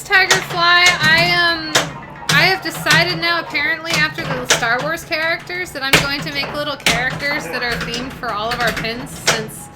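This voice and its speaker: A woman's voice: sits high, low-quality recording. A woman with a Midwestern accent, co-hosting a pinball stream in rambling casual chat full of fillers. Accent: Midwestern American. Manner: chatty and rambling, with many fillers. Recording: loud music playing behind the voice. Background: loud background music.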